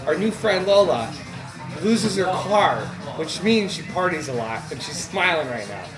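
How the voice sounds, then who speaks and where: A man in his forties talks in a wry, offhand way while on the road, his voice slightly high. Clear music runs beneath him. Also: big pitch swings, measured pace, poor audio. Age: 40s. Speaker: travel vlogger. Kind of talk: casual chat.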